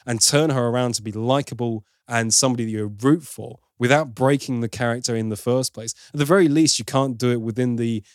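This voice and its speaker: A man's voice: medium pitch, steady tone, brisk, hardly any pauses, no echo, clean studio sound. Opinionated man reviewing a film. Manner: opinionated, playful mimicry of accents. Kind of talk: casual film review chat.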